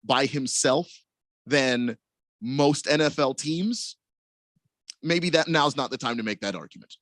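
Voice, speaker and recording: Male sports radio co-host, mid-pitched, dry studio sound, halting delivery. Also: fairly bright tone, dry recording. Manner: hesitant, many fillers and restarts. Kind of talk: casual sports talk radio.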